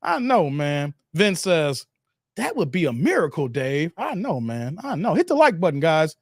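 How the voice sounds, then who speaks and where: A man's voice: on the high side, wildly swooping pitch, moderate pace, dry recording, clean studio sound. A man hosting a livestream, reacting to videos with blunt, profane, emphatic rants and reading out chat messages. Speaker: live-stream commentary host.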